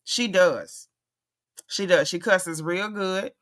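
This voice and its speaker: A woman's voice: on the low side, takes it slowly. A woman, chatting casually to her viewers in a folksy, drawling, playful way. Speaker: commentary vlogger reacting to a clip. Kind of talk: casual chat.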